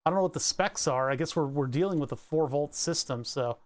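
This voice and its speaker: A man's voice: fairly high pitch, brisk. Casual, curious man streaming aloud. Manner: muses aloud, reads excerpts, swears casually. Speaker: livestreamer. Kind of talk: casual livestream chat, reading aloud.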